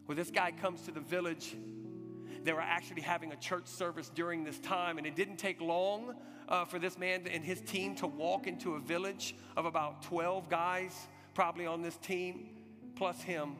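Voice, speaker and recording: A man preaching a sermon, telling a story dramatically, swinging from urgent loud passages to hushed, quiet ones. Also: sits high, steady tone, normal speed. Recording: long hall reverb with music behind.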